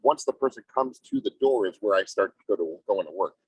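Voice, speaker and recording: A man's voice: expressive, fast, darkish tone, breathy edge, no echo. A man, a real estate agent, talking emphatically in a team meeting and often asking "right?". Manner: emphatic, salesy, repeats "right?". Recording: muffled low-fidelity audio.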